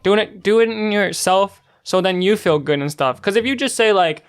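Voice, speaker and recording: Smooth, higher-pitched young man, rambling. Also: normal speed. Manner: rambling, heavy filler words. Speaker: podcast co-host. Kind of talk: casual podcast chat.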